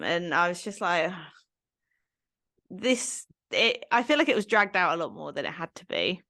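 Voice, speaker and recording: A woman's voice: lowish voice, big pitch swings, unhurried, bright, forceful tone, no room sound, clean studio sound. A woman co-hosting a casual podcast, giving frank, blunt opinions with some mild swearing. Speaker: podcast co-host. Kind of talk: casual recap chat.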